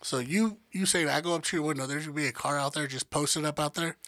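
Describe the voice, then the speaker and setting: A man in casual podcast chat, telling a story with lots of swearing and acted-out quotes. His voice sits a little high and sounds bright and forceful. The sound is dry and close, with no room around it. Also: quick pace, no room sound. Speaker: podcast co-host.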